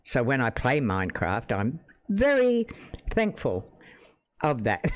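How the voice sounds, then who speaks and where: A chatty man talks to his stream audience at a mid pitch, drifting from thought to thought and breaking into laughter now and then. He speaks into a desk microphone at home. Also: wildly swooping pitch, takes it slowly. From Australia. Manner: chatty and rambling, laughs often, restarts sentences. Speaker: live streamer. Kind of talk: casual live-stream chat with viewers. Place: home room.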